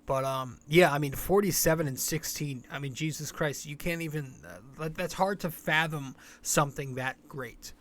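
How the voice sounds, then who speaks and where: A man's voice: a little high, normal speed, few pauses, a bit bright. A young man hosting a sports podcast, talking casually and bluntly, rambling and swearing freely. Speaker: podcast host.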